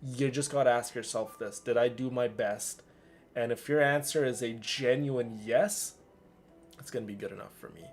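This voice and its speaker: Faint music plays behind a man who talks to his viewers at a normal speed in a medium-pitched voice. He is tired, heartfelt and stammering, often repeating himself during this emotional stream.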